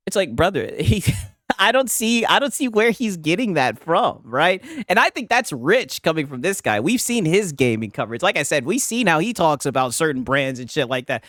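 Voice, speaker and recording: Reaction host, male, mocking and laughing, very animated inflection, dead-dry mic. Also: fairly high pitch, normal speed, no echo. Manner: sarcastic, laughing, says "right?" often. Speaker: reaction streamer. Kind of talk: mocking live reaction commentary.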